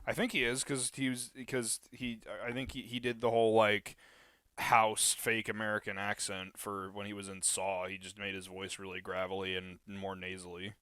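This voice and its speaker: A man's voice: lowish voice, level tone, normal speed, sharp tone, clean tone, no room sound, studio quality. A young man co-hosting a movie podcast, chatting casually and laughing often as he retells scenes. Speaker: podcast co-host.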